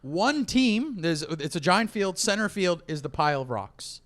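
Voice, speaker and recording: A man's voice: high voice, very animated, a little slow, a bit bright. A man with a New York accent, a comedian host telling rambling stories in casual chat. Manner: rambling storytelling with restarts and laughs.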